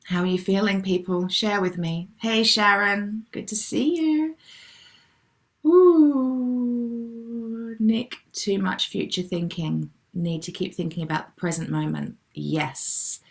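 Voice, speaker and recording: A middle-aged woman hosting a live online wellbeing session, gently and affectionately reading out viewers' comments and replying to them. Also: fairly low pitch, gravelly. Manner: gentle, affectionate, calls people darling.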